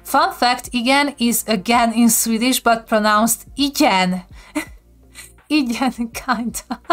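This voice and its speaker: A woman's voice: a little high, fairly bright tone. A woman with a Hungarian accent, casually chatting on a live stream as she teaches viewers basic words and often giggles. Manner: giggly, reads and answers chat. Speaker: livestreamer teaching language basics.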